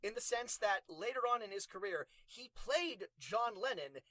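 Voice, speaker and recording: High, animated man chatting about a movie. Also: moderate pace, no echo. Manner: animated, profane, acts out quotes in silly voices. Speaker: podcast co-host. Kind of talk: casual movie-review chat.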